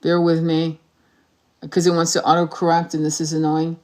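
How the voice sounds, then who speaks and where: A woman's voice: low-pitched, completely flat delivery, normal speed, darkish tone. A woman hosting a casual livestream, talking while searching online, distracted and swearing, with many restarts. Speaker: tarot reader livestream host.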